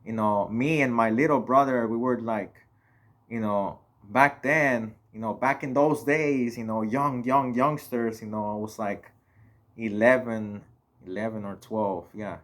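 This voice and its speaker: Young man from Mexico, vlogger, loose filler-heavy storytelling, mid-pitched voice. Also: fairly even intonation, measured pace, fairly bright tone. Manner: rambling, heavy on "you know" and "like" fillers. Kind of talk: casual storytelling.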